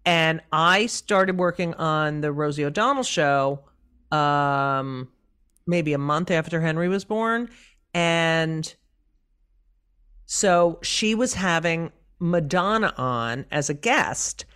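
A middle-aged woman comedian, guest on a casual podcast, telling stories in an animated, profane way. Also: sits low, takes it slowly, clear, resonant tone.

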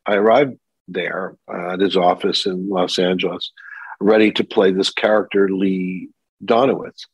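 Older man with a husky, dry voice. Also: deep voice, measured pace, no room sound, highs cut off. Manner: animated anecdote teller, mimics voices in quotes. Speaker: actor guest. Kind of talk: storytelling in a podcast interview.

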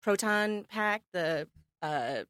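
A woman on a comedy panel making dry, unhurried quips. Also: mid-range voice, animated, fairly bright tone, no echo.

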